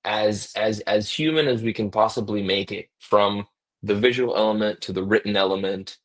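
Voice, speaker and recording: A man's voice: fairly low pitch, normal speed. A man on a business podcast explaining his company's survey tool, often restarting words and checking in with "right?". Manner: repeats words while explaining, asks "right?". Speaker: guest from a survey software company.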